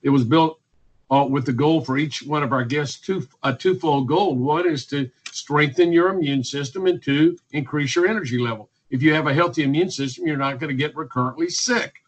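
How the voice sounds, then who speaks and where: A man's voice: a little high, brisk, slightly rough, poor audio. A man, speaking as a physician guest in a radio interview, emphatic and repetitive, listing points one by one. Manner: emphatic, repetitive, list-making.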